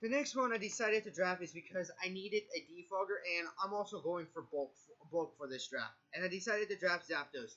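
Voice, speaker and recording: A video creator gives an informal draft monologue about his picks, nervous, tripping up and self-correcting often. He speaks a little fast in a high, bright, forceful voice. The recording is muffled.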